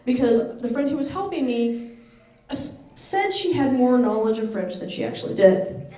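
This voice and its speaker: An American woman author telling stories to a live bookstore audience, lively and animated, laughing often. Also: a little high, normal speed. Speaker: author at a book signing. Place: bookstore event room. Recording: echoey room, distant mic.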